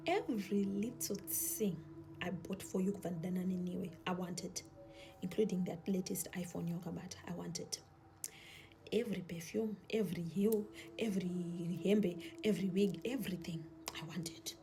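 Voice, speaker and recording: A woman with a Zimbabwean accent voicing an adult husband who speaks low, quiet and measured while he makes cold demands. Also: fairly even intonation, slight background noise, natural voice.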